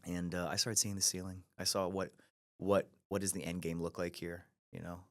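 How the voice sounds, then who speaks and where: A man's voice: low voice, moderate pace. A man in his thirties from Ohio, the guest in a podcast interview, telling his career story with animation and frequent restarts. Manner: animated storyteller who acts out quoted voices, with frequent restarts. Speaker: guest, brokerage CEO.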